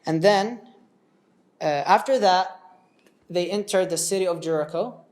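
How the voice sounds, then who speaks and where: A man's voice: high-pitched, measured pace. A man teaching a religious story in a casual, conversational way, often checking in with his listeners and going off on tangents.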